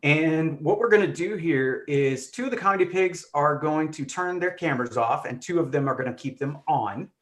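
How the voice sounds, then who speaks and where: A man's voice: a little high, moderate pace, few pauses. A man directing a live online improv comedy show, upbeat and full of fillers.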